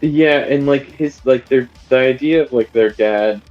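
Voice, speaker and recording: A man's voice: mid-range voice, measured pace, lo-fi sound, faint music behind. A man co-hosting a podcast, chatting casually about a film in a rambling way with many fillers and restarts. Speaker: podcast co-host.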